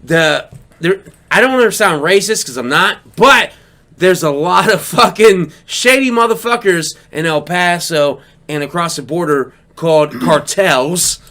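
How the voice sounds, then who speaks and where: A man's voice: on the high side, animated, unhurried, sharp tone. A young man co-hosting a casual podcast, a little drunk, telling a story in a loose, profane way and acting out what people said. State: tipsy. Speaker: podcast co-host.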